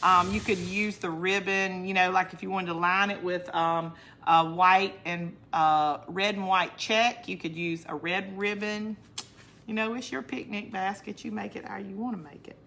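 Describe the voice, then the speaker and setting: Hosting her crafting livestream, this northern U.S. woman talks at a moderate pace in a bright, forceful medium-pitched voice with fairly even intonation. She laughs a lot, chats casually and responds to viewer comments as she crafts, and there's a slight hiss or hum on the audio.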